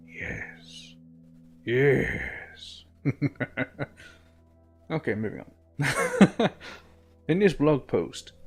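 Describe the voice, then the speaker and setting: Casual gaming host, jokey, reads documents aloud with stumbles, faint music behind. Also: male voice, medium pitch, darkish tone. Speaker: let's play host. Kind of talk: casual gameplay commentary, reading in-game documents.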